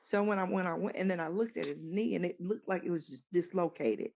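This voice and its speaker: Gravelly-voiced woman telling a personal story. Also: fairly low pitch. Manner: halting, repeats words, acts out quoted dialogue. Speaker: interview guest. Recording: dull lo-fi recording.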